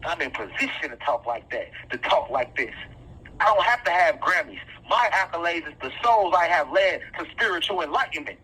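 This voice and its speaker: A man's voice: fairly high pitch, animated, a little fast, pushed and bright, breathy edge, poor audio. A man speaking, delivering an impassioned, preachy monologue full of repeated phrases and rhetorical questions. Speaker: self-styled activist commentator.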